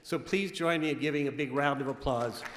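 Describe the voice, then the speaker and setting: A man's voice: on the high side, fairly quick, background noise. Joking male emcee in a large echoey theater. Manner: relaxed, joking, with frequent fillers. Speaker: master of ceremonies. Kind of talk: emceeing an awards ceremony. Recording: echoey theater with a crowd behind.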